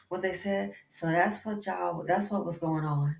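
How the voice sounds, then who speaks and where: A woman's voice: on the low side, a little slow, vocal fry, hardly any pauses. A woman hosting a commentary channel, talking in an emphatic, chatty way and calling the listener "girl" and "baby". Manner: animated and emphatic, addresses viewer as "girl" and "baby". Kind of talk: casual commentary. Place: indoors, exercising while recording. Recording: echoey room.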